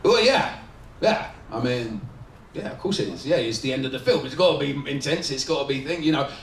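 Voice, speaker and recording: A man's voice: mid-range voice, expressive, brisk. A man, a film director at a festival Q&A, rambling, swearing and laughing as he talks. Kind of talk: festival Q&A after a screening. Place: screening venue with an audience. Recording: roomy, distant, audience and noise behind.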